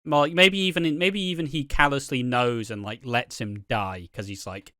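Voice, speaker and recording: A man's voice: medium pitch, big pitch swings, moderate pace, few pauses, bright, forceful tone, dry recording, clean studio sound. A man casually talking through soap opera theories, rambling and swearing freely. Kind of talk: casual chat.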